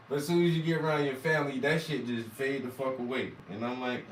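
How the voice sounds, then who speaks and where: A man with a South Carolina Southern accent talks loosely to his viewers, swearing freely and chuckling at himself. His mid-pitched voice rings through an echoey room. He sits a little off the mic, with faint ambient noise behind him. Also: fast, few pauses, distant mic. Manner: rambling, profane, self-amused. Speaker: vlogger and musician. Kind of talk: casual talk to camera.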